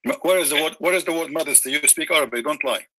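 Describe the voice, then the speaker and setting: Man, high bright voice, rapid-fire, insistent, keeps interrupting, heated debate host. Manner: insistent, repeats questions rapidly; combative, interrupting.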